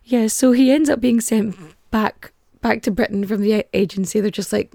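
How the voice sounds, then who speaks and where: A woman's voice: medium pitch, brisk, creaky, warm tone, no room sound, clean studio sound. A woman hosting a casual comic history podcast, chatty and irreverent, with frequent swearing and filler words. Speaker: podcast host.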